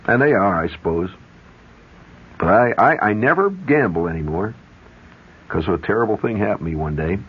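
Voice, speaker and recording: A man hosting a radio show, telling a long rambling story in an animated way and stopping for conversational asides. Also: fairly low pitch, husky. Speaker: radio host. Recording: dull 1970s radio broadcast.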